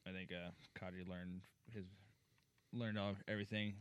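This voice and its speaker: A man's voice: low voice, little pitch movement, normal speed, smooth. Laid-back man reading hockey news. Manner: laid-back, laughs and swears, stumbles over names. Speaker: podcast co-host. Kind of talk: casual hockey news chat.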